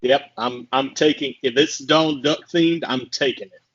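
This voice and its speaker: A man's voice: mid-range voice, steady tone, normal speed, fairly bright tone. A man playing a character in a tabletop game, matter-of-fact and casual. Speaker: player. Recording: dull lo-fi sound.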